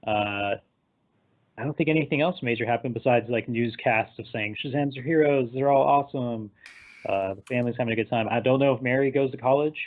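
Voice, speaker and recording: A man recapping a film in casual chat, animated and laughing, sometimes acting out the characters. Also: medium pitch, brisk. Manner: animated, acts out characters in quotes, laughs often. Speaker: podcast co-host. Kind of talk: casual movie discussion. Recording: tinny phone-like line.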